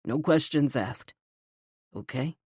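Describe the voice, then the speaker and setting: A woman doing a soft-spoken billionaire lover. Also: slow pace, husky, no echo, studio quality, exaggerated voice. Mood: tender. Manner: soft, low and tender. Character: gentle confident young billionaire man.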